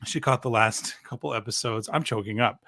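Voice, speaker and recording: A man's voice: mid-range voice, a little fast, vocal fry, bright, forceful tone, no echo, studio quality. A middle-aged man from Canada, a podcast guest chatting casually and acting out quotes in mock voices.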